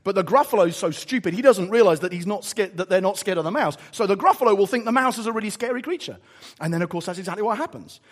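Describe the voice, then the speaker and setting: Animated preacher, highly expressive. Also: male voice, fast talker. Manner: animated, emphatic storytelling. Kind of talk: sermon.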